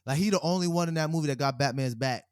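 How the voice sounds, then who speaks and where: A young man co-hosting a podcast, chatting casually and telling animated stories with laughs mixed in. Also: a little high, fast talker, clear, resonant tone, no room sound, clean studio sound. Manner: animated storyteller, laughs mid-sentence. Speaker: podcast co-host. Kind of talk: casual chat.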